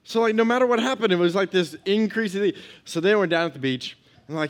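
A young adult man with a high voice speaks fast, preaching a casual, story-driven sermon as a pastor. Animated and conversational, he tells a funny anecdote and then shifts into exhortation.

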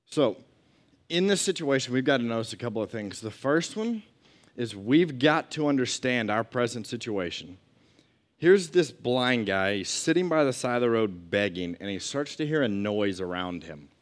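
A man's voice: mid-range voice, expressive, moderate pace. Man teaching a casual Bible lesson. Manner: conversational, asides and questions to the group.

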